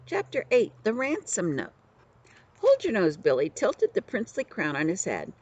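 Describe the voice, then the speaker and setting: An older woman, a grandmother, reading a children's book aloud with expressive storytelling. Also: medium pitch, normal speed, slightly rough, highs cut off.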